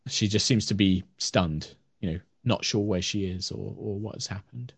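A man narrates a tabletop game as game master, pausing often and filling gaps with little fillers. His voice is husky. The sound is dry and close. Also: fairly low pitch, fairly even intonation, no room sound. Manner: halting narration with many fillers.

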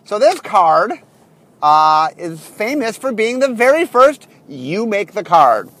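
Animated man talking from his car. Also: sits high, slow pace. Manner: animated, rambling with many fillers. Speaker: podcast host. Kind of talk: casual monologue while driving.

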